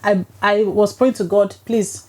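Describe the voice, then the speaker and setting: A woman in her forties, a podcast guest, telling her story in a lively, laughing way. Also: medium pitch, brisk. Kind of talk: casual chat, storytelling. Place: podcast studio.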